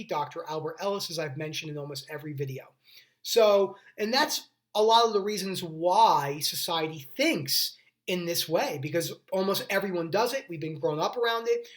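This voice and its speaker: A young man hosting a mental health video, talking earnestly in a casual, rambling way, often restarting his sentences and going off on tangents. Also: high voice. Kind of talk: casual talking-head explainer.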